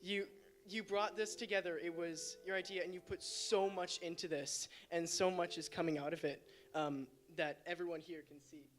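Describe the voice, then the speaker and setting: A man giving a sincere thank-you on a theatre stage, halting with fillers as he speaks. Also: sits high, fairly even intonation. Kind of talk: live onstage tribute speech. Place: theatre stage before a live audience. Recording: live stage sound with music and a loud crowd.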